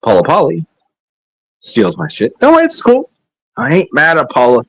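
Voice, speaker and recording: Middle-aged male streamer, husky and rough-edged, loose rambling chat with lots of pitch movement. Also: huge pitch swings, normal speed, fairly bright tone, rough recording. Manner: laid-back, rambling, sighing, joking asides. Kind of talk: rambling casual livestream chat.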